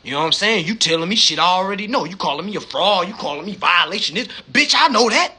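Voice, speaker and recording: Animated, profane man on a live stream. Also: sits high, fast talker, breathy edge. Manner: profane, animated, heavy street slang; repeats words, rhetorical questions. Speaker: livestream host. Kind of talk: casual monologue on a live stream.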